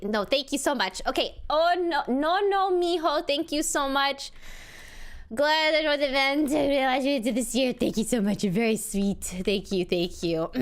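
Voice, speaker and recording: Young woman streamer, crying through casual chat, bright high voice with big swings. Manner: tearful, laughing between thank-yous to chat.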